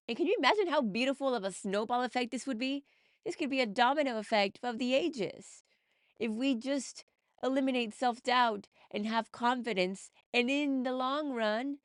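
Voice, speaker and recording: A woman's voice: fairly high pitch, moderate pace, clear, resonant tone, dry recording, studio quality. A woman podcast host and mindset coach, talking earnestly and encouragingly to her listeners in a motivational monologue. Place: home recording setup in the UK.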